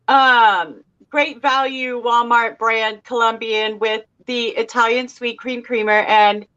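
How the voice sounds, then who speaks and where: Woman, crafting stream co-host, high voice, laughs a lot, lots of fillers, muffled audio. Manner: laughs often, filler-heavy and relaxed. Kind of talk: casual chat.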